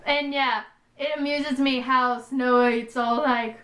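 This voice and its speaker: High-voiced rambling young woman vlogger. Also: slow pace, roomy sound. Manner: rambling, excitable, self-deprecating. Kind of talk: casual TV episode review chat.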